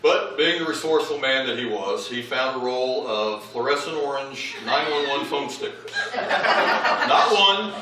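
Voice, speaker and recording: A man's voice: mid-range voice, normal speed, few pauses, crowd noise. A man giving a humorous eulogy for his father, telling family anecdotes and acting out what people said. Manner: animated comic anecdotes, acting out quoted lines. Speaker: eulogist, child of the deceased. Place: large memorial service hall. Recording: echoey hall, voice far from mic.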